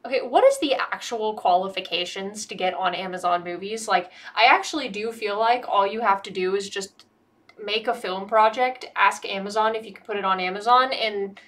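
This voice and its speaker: A woman's voice: mid-range voice, moderate pace, fairly bright tone. An American woman giving a casual comedic movie review, sarcastic and profane, rambling and a bit tipsy. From United States.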